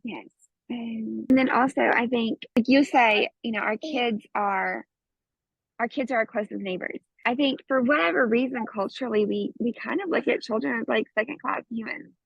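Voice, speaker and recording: A woman's voice: fairly high pitch, moderate pace, vocal fry, breathy edge, dry recording. A woman in her thirties, a guest on a parenting show, telling a family story and acting out the voices of her child and herself. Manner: lively storyteller who acts out her child's and her own lines. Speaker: guest, course student. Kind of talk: casual storytelling in an interview. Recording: dull, dry close recording.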